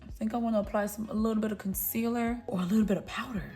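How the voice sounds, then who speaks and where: A woman's voice: on the high side, steady tone, very fast, mellow, soft background music. A young woman chatting through her makeup tutorial, playful and encouraging as she talks to her viewers. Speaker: beauty vlogger. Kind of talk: casual makeup tutorial chat.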